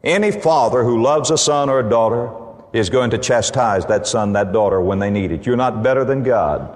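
A man preaching a sermon to his congregation, speaking emphatically and rising to excited peaks on his key points. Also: mid-range voice, moderate pace. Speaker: pastor. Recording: long reverb of a large hall.

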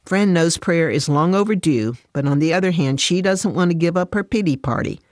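Brief: woman reading a faith story, soft and steady, dead-dry booth sound. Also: on the low side, fairly quick, no room sound. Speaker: narrator.

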